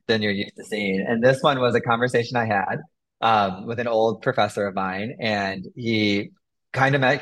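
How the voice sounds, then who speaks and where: Laughing, storytelling male author. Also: mid-range voice. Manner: laughs often, animated storytelling. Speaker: author guest. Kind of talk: casual interview conversation.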